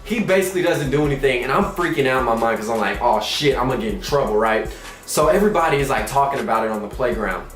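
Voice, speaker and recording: A man's voice: medium pitch, quick pace, reverberant, faint music behind. Profane young man telling a comic story. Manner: animated, profane, acts out quotes in shifting voices.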